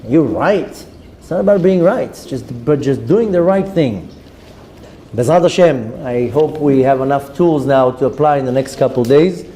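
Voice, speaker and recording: A man's voice: medium pitch, moderate pace, dark tone, slight background noise. A man, a rabbi giving an earnest sermon that urges his listeners on and mixes in Hebrew terms.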